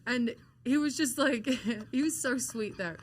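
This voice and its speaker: A young adult woman, a pro wrestler, telling a story in a casual interview, animated and chatty, swearing freely and peppering her talk with "like". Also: on the high side, unhurried, slight background noise.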